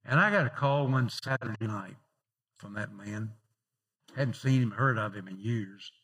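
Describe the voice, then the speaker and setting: A male pastor preaching a sermon in a conversational way, telling personal stories and swinging from emphatic lifts to softer asides. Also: fairly low pitch, unhurried, husky. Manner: rising emphatic openings then dropping softer.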